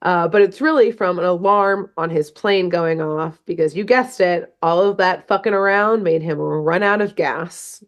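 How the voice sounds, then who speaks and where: A woman co-hosting a podcast casually recaps a cartoon episode, her fairly low voice moving at a moderate pace with hardly any pauses. She rambles, packing her talk with "like" and "um," and laughs at her own jokes in this easygoing chat.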